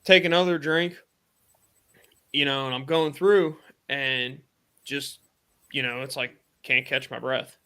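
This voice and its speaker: A man's voice: medium pitch, fairly even intonation, slow pace, long pauses, pushed and bright, clean tone. A man hosting a live stream, casually retelling a personal story in a rambling way with lots of fillers and quoted thoughts. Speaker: podcast host.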